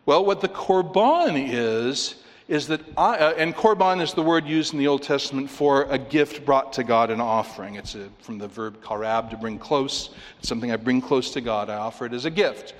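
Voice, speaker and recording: A man preaching an expository sermon, animated and emphatic, at times carried along by sports imagery. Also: mid-range voice, normal speed. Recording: long hall reverb.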